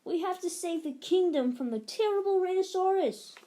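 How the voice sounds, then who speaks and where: A woman's voice: very high voice, lively intonation, moderate pace, slight background noise, voice pushed up. A woman voicing an eager, imaginative little boy in a storybook read-aloud. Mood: excited. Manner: bright, eager exclamations.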